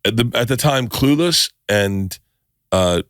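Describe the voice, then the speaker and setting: A middle-aged man hosting a podcast, telling stories in animated bursts with plenty of swearing and restarted sentences. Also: mid-range voice, slow, dry recording, clean studio sound. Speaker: podcast host. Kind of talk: casual chat.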